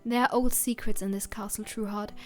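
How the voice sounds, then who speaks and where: A woman's voice: mid-range voice, steady tone, fairly quick, a little mellow, soft background music, natural voice. A woman reading the lines of a troubled older woman who leads a castle of elves, in her own voice with little change. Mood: worried. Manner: read plainly, close to the reader's own voice. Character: troubled older woman, Santa's wife, gentle leader.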